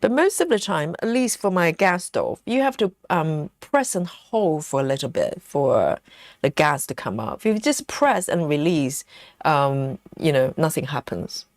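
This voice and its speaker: A woman's voice: sits low, very animated, measured pace, no echo, studio quality. Chatty woman hosting a cozy live stream. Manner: chatty, reads viewer comments aloud, frequent ums and you-knows. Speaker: livestream host. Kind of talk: casual live chat while stitching.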